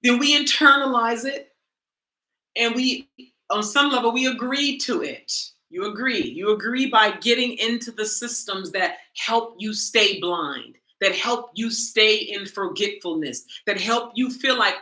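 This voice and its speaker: A woman coach giving a lively motivational talk to a group, addressing them directly in a conversational way. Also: on the high side, unhurried, reverberant. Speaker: women's coach and teacher.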